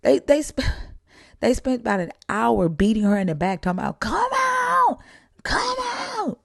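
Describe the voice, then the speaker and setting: A woman's voice: medium pitch, lively intonation, a little fast, creaky, a little mellow, no room sound, studio quality. A woman telling stories in a blunt, profane, heated way, in candid conversation.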